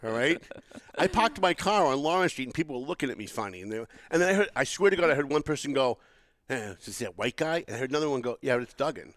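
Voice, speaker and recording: A middle-aged man hosts a podcast of casual political chat, telling stories with animation and acting out what people said to him. His voice is medium-pitched and fast, and the recording is dry.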